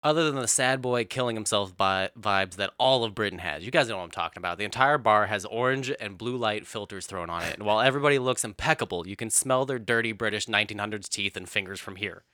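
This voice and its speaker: A man's voice: fairly low pitch, fast, hardly any pauses, bright, forceful tone, no room sound, studio quality. A man hosting a comedic, profane recap of a TV show, laughing often. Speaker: host.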